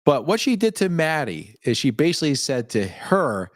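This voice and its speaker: A man's voice: a little high, big pitch swings, moderate pace, no room sound, clean studio sound. A man hosting a casual live stream who chats candidly, laughs often and greets viewers by name as he reads their comments. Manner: frequent laughs and fillers, candid. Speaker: host.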